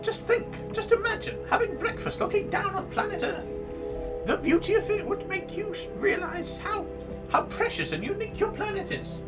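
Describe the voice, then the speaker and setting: Casting: a prissy male alien passenger, piping falsetto, lively swoops, music under. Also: moderate pace, recorded from a distance. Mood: prissy, inquisitive. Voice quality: shrill, squeaky falsetto. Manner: fussy, formal, repeats words in pairs. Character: shrill, overly polite male alien passenger. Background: game music.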